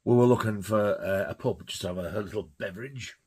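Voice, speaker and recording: A man's voice: on the low side, quick pace, a little mellow, breathy edge. A man telling a rambling, laughing anecdote on his vlog, swearing freely. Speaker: vlogger.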